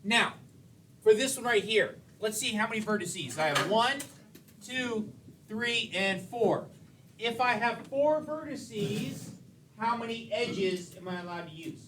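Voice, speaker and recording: A man's voice: high voice, unhurried. A male teacher lecturing a class and teasing his students with jokes as he goes. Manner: teasing, joking banter with students. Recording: echoey classroom, distant mic, faint room noise.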